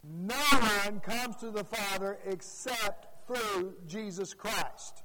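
A man preaching a sermon, emphatic, with deliberate phrasing that swells and drops. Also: high voice, pushed and bright, in a large hall, rough recording.

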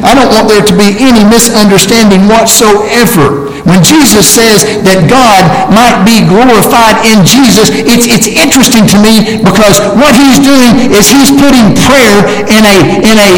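A man's voice: sits high, moderate pace. A man preaching a sermon to his congregation, emphatic and repetitive, calling them brethren. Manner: emphatic, repeats words, addresses congregation as brethren. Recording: echoey hall with long reverb.

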